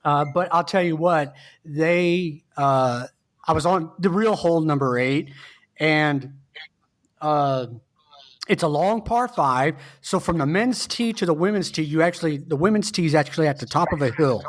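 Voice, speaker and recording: A man's voice: fairly high pitch, normal speed. A man co-hosting a podcast, telling a story in a rambling, self-mocking way. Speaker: podcast co-host. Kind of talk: casual storytelling.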